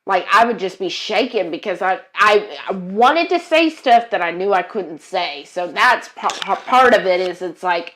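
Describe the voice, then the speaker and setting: A woman's voice: mid-range voice, animated, moderate pace, hardly any pauses, fairly bright tone, a little hiss or hum. A woman co-hosting a livestream, chatting casually and reading viewer comments aloud, with frequent fillers and quoting herself. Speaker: co-host of a cooking livestream.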